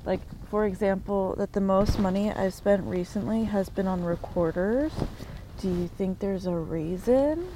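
A woman's voice: medium pitch, a little slow, noisy background. A woman vlogging an angry, sarcastic rant to camera, full of swearing and rhetorical questions.

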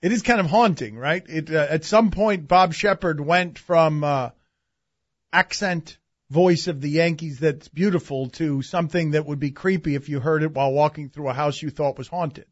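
Male sports radio host, high voice, joking banter, dry lo-fi studio sound. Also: moderate pace, no echo. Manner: joking, laughs often, leads the segment. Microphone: studio microphone. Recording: dull, lo-fi radio studio audio.

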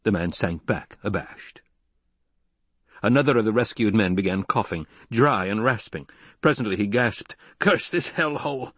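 Husky male audiobook narrator. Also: on the low side, moderate pace, no echo. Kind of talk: scripted narration.

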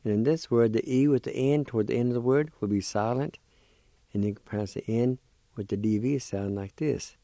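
A man patiently teaching words syllable by syllable on a radio lesson, repeating each sound slowly. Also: mid-range voice, dark tone, no room sound. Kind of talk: slow spelling and pronunciation lesson.

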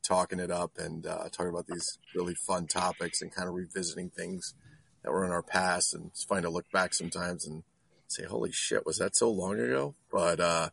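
A man's voice: sits low, completely flat delivery, fairly quick, vocal fry, a bit bright, breathy edge. A man co-hosting a podcast in an easygoing, casual way. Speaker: podcast co-host. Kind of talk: casual chat.

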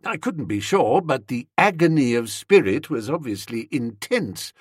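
Male audiobook narrator, husky and very animated, dry close-miked sound, expressive comic storytelling. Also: medium pitch, unhurried, few pauses, dry recording. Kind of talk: first-person comic novel reading.

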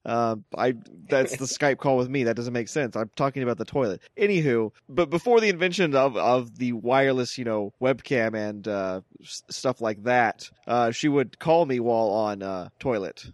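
A man co-hosting a podcast in casual comedic chat, joking and acting out quotes in high voices. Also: normal speed, few pauses, no room sound, clean studio sound. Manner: animated, jokey, acts out quotes in high voices. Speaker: podcast co-host.

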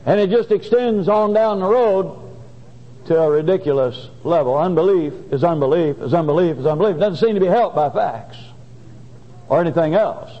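A man preaching a sermon and reading scripture in a folksy, halting way with many restarts. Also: on the high side. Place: church. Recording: dull lo-fi church recording with long reverb.

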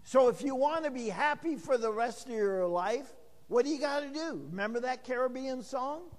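A man's voice: extremely high pitch, expressive, normal speed, long reverb tail. An older man preaching a sermon, telling folksy stories and acting out the dialogue himself. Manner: folksy storytelling with acted-out dialogue. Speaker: pastor.

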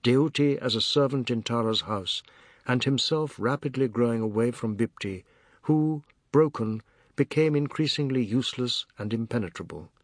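A man reading a novel aloud in measured, even storytelling narration. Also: medium pitch, no room sound, studio quality. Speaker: audiobook narrator. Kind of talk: scripted literary narration.

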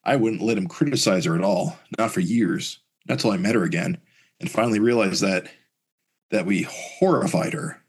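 A man reading aloud the halting lines of an insecure young male superhero who feels unworthy. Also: low-pitched, breathy edge. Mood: glum. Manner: hesitant, self-deprecating. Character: insecure young male hero, self-doubting.

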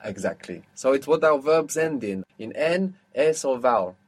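A man's voice: mid-range voice, animated, moderate pace. A man teaching a one-on-one language lesson, patiently explaining step by step and quizzing his student.

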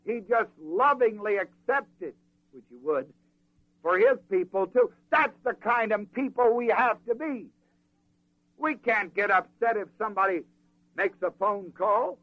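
A man preaching a sermon in a folksy, animated way, acting out the people in the scripture. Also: high voice, a little slow, no room sound, muffled recording.

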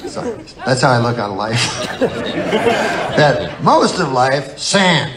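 A stand-up comedian, a man, tells loose, rambling, profane stories at a live comedy venue while the audience laughs. He sounds very animated yet slow, with a medium pitch. Audio quality is poor.

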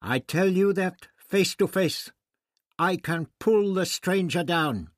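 A man reading an audiobook voices a proud, hot-tempered warrior who talks stubbornly and forcefully. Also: high voice, slow pace, no room sound, clean studio sound, voice pushed up. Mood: defiant. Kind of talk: audiobook character voice.

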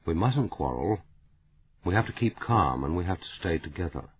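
A man reading a calm, conciliatory middle-aged man in an audiobook, speaking gently and measuredly. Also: deep voice, moderate pace, a little hiss or hum. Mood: soothing. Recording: lo-fi muffled recording.

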